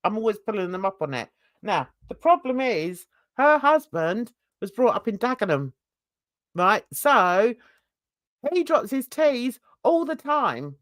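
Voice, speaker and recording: A woman's voice: mid-range voice, big pitch swings, measured pace, a bit bright, no room sound. An older woman from London, hosting a casual, opinionated and rambling chat. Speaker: host.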